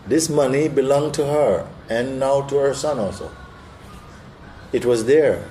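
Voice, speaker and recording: Man, spiritual teacher, parable storytelling, animated, mid pitch, faint hiss. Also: unhurried. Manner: animated, vivid, acts out scenes. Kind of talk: storytelling during a spiritual talk.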